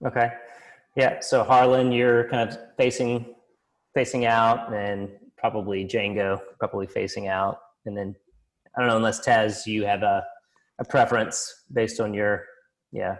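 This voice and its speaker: A man running a tabletop game as dungeon master, describing scenes in a casual, halting way with many restarts. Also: on the low side, level tone, poor audio.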